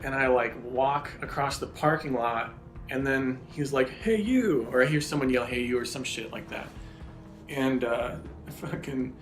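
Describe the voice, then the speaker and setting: A man's voice: mid-range voice, fairly bright tone, reverberant. Rambling profane man telling a story. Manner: rambling, profane, self-deprecating. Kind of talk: casual spoken storytelling.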